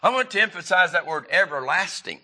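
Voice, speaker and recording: A man preaching a sermon, halting and restarting often, then rising to stress his points. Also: fairly high pitch, animated, sharp tone, husky.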